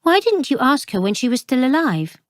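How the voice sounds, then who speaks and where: A woman's voice: high voice, big pitch swings, normal speed, no echo, clean studio sound, pitched above the performer's own voice. A woman voicing a guarded young bookshop owner. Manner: polite but guarded.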